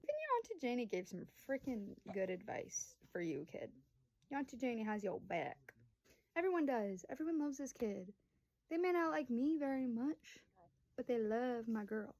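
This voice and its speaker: A young woman in her twenties tells a story to camera, rambling and chatty with plenty of fillers. Her voice sits a little high but sounds mellow and warm. The room is dry and close. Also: big pitch swings, moderate pace, no echo, low-quality recording. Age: 20s. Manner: acts out voices of family in quotes. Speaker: vlogger and young mother.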